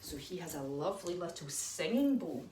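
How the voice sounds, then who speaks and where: A woman leading a children's yoga story lesson in an animated, encouraging, sing-song way. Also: on the low side, moderate pace. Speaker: kids yoga teacher. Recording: echoey room, mic far off, faint noise.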